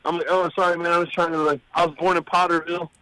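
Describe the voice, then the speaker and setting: High-voiced man rambling on live radio. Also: flat delivery, racing, bright, forceful tone, clear, resonant tone, low-quality recording. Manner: rambling, profane, acts out quoted voices. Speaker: radio show co-host. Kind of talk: casual storytelling on live radio. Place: radio studio.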